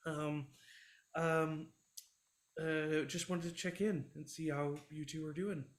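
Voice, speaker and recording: A man voicing an awkward, remorseful man in a tabletop role-play, who talks haltingly and apologetically. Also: a little high, flat delivery. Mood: earnest.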